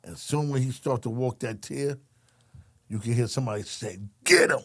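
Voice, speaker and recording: Speaking at normal speed with a dark tone and medium pitch, this middle-aged man, once a correctional officer, spins an animated story in casual talk. His style is profane and streetwise; he plays the characters himself and says his listener's name again and again.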